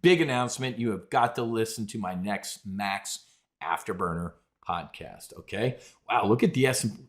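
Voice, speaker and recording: A man's voice: fairly low pitch, animated, moderate pace. A middle-aged man hosting a live trading show, talking in a brash, rambling way and calling his audience folks. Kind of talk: live market commentary.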